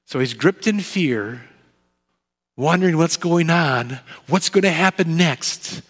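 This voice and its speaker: A man preaching a sermon, telling the story dramatically and dropping to soft, low tones at key moments. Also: animated, slow. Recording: echoey hall.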